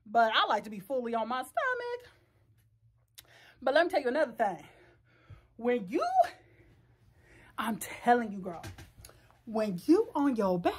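A woman's voice: sits high, sing-song, moderate pace, pauses often, husky. A woman, chatting frankly and bawdily to the camera from her bedroom, often laughing and joking. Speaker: vlogger. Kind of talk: casual chat to camera.

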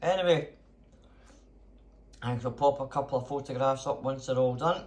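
A man's voice: medium pitch, moderate pace, darkish tone. A man chatting casually in his home kitchen as a cooking vlogger, theatrical and full of cheery exclamations.

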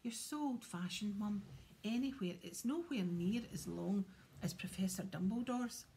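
A cheeky teenage witch teasing her mother in a whispered role-play storybook, as a woman reader whispers her. Soft, mellow and faintly gravelly. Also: medium pitch, measured pace, natural voice.

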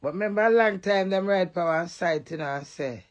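A woman with a Jamaican accent ranting defiantly to the camera, swinging between loud outbursts and low mutters. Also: brisk, muffled recording. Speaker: vlogger. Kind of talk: emotional direct-to-camera rant.

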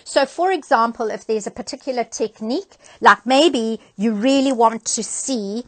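A woman's voice: on the high side, normal speed. Brief: older woman, sewing educator, easygoing chatty phone live-stream host, plenty of fillers. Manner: chatty, friendly, with frequent ums and uhs. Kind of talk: casual live-stream announcements. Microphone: handheld phone.

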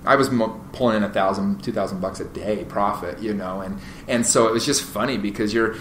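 A man on a podcast rambles through his stories, animated and full of fillers and restarts. His voice sits a little low but has a bright edge. The room echoes around him, with a faint hiss underneath. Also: a little fast. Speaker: podcast guest, real estate agent. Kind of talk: casual interview storytelling. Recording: roomy echo, faint noise.

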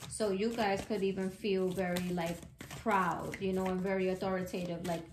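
A woman's voice: mid-range voice, level tone, normal speed. A woman doing a casual tarot reading, chatty and slangy, speaking bluntly and swearing freely. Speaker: tarot reader. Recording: echoey room with background noise.

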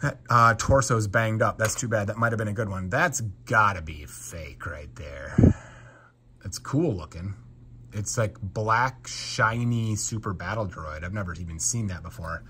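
A man giving casual unboxing commentary as a Lego collector, excitable and exclaiming at each find. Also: lowish voice, a little slow, noisy background. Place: home basement.

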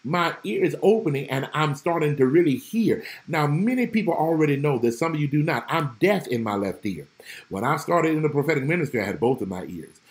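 Animated preaching man, lively pitch. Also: brisk. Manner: emphatic preaching, repeats phrases, greets online viewers by name. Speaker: pastor. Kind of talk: livestream Bible study sermon.

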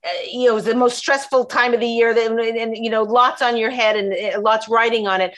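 A woman hosting a talk show, talking in an animated, rambling way with frequent restarts. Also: a little high, fairly quick, muffled recording.

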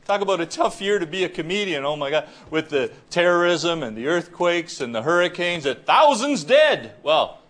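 High, lively ranting stand-up man. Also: noisy background. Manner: ranting, exasperated, talks to the audience. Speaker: stand-up comedian. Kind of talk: stand-up comedy monologue. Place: TV studio with live audience. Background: audience laughter.

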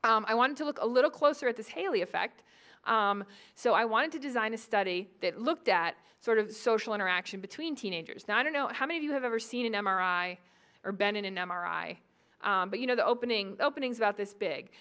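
A woman from the Boston area giving a lively, joking public lecture on psychology and speaking straight to the audience. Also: on the high side, quick pace. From New England, Boston area.

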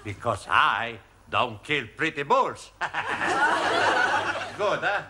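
A cheeky Spanish student in broken English. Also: male voice, medium pitch, sing-song, slow, heavy background noise. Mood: joking. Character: cheerful Spanish male adult student, joking. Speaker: evening-class student. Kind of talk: 1970s sitcom acting. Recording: old TV studio with audience laughter.

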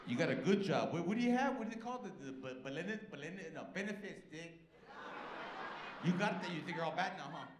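A brash male comic working the crowd in a roomy club, his voice a bit high and swinging all over the place. He talks fast and profane, teasing people in the front rows. Clear room noise sits under him. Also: expressive. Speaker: stand-up comedian. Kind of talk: crowd-work stand-up. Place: comedy club stage.

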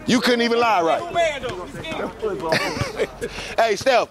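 A man calling pickup basketball from the sideline, excited and trash-talking as he keeps the score. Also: high voice, unhurried. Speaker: courtside commentator filming pickup games. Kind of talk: hype courtside commentary. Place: outdoor basketball court. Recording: noisy crowd at an outdoor court. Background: crowd and bouncing ball.

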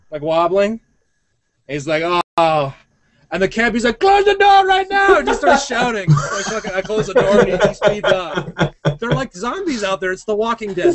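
A married man in casual podcast chat, joking and swearing as he acts out people in his stories. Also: high-pitched. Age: adult, married. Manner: joking, swears a lot, animated quotes. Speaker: podcast co-host.

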